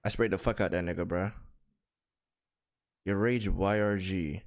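A man streaming, reacting to clips in a profane, slangy, animated way. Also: sits low, unhurried. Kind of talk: casual reaction commentary.

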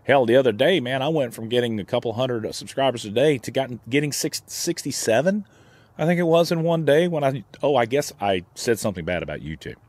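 A man's voice: mid-range voice, animated, a little fast, darkish tone, no room sound. A man hosting his own channel, speaking in a heated, indignant vlog rant with frequent restarts. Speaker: gun channel host. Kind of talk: opinion vlog commentary.

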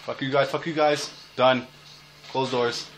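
A young man commentating his own video game match, recorded on a phone, excitable and quick to yell, laugh and curse. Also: medium pitch, soft background music.

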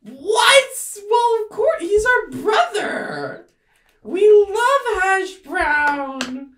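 A woman voicing tiny toadstool creatures from a tabletop game, high and squeaky with a far-off, echoey sound. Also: big pitch swings, extremely slow, fairly bright tone, exaggerated voice. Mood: indignant. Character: squeaky bullying little mushroom creatures.

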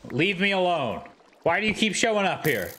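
A man streaming a game live, talking to himself and his chat, quick to yelp and shout at enemies. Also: high-pitched, very animated, slight background noise. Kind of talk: live gameplay commentary.

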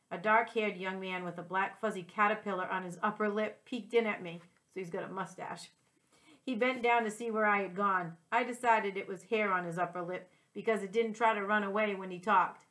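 A woman reading a children's chapter book aloud as a teacher, in a gentle and clear storytelling voice. Her pitch sits in a middle range, and she corrects the occasional slip as she goes. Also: fairly even intonation, brisk. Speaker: second-grade teacher.

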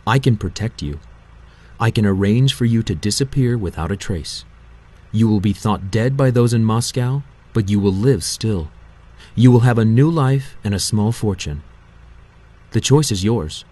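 A man reading an audiobook, voicing a menacing ancient male god of death who hisses slow threats. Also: on the low side, animated, warm tone. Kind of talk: audiobook character voice.

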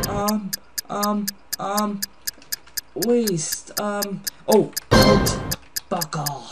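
A man's voice: sits high, drawn-out words, pauses often, loud music behind the voice. A tired man casually commenting while playing an online drawing game, muttering guesses and swearing at himself. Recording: noisy home recording with ticking.

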